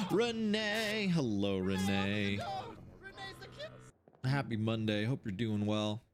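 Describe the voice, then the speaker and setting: An animated streamer, thinking aloud while playing a game, voice jumping up high when surprised. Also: takes it slowly, over music. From Seattle area, USA. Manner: animated, puzzling things out, sudden jumps to high pitch.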